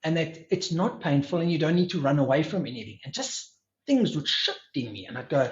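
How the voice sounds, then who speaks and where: A man telling a story as a podcast guest, lively, acting out his own inner dialogue. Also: on the high side, fairly quick. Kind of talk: storytelling in conversation. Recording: roomy, slightly dull recording.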